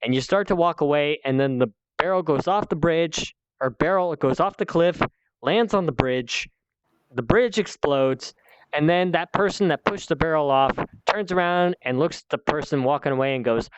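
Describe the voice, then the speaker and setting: Lecturing man, a bit high-pitched. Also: normal speed, clean tone, no echo, lo-fi sound. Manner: lecturing, repetitive, escalating, swears. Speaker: channel host. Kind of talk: heated one-on-one conversation.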